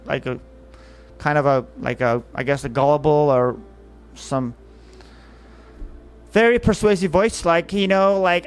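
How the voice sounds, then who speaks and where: A man's voice: a little high, fairly even intonation, normal speed, pauses often, soft background music. A man telling a comic story about an ex, rambling with lots of fillers and acting out what was said. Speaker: comedian telling a dating story. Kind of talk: casual storytelling monologue.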